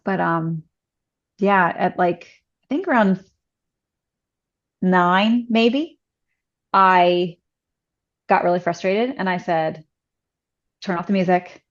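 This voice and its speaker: A woman guest on a podcast, telling a personal story in a chatty, casual way, full of "like" fillers and lively acted-out quotes. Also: on the low side, slow, long pauses, muffled recording.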